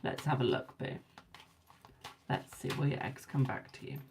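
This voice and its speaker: Brief: British woman, tarot reader on a live stream, deep voice with a bit of fry, chatty and affectionate, slightly tired. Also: expressive, normal speed, a little mellow, a little hiss or hum. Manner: chatty, calls viewers darling and boo. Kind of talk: casual live-stream chat and readings.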